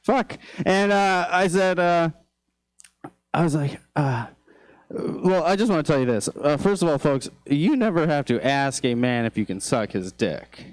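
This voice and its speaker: A young man doing a stand-up comedy set, telling loose rambling stories with lots of fillers, and his voice jumps high for exasperated quoted outbursts. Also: animated, measured pace, no echo. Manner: loose, rambling storytelling with frequent fillers and restarts. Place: comedy club stage.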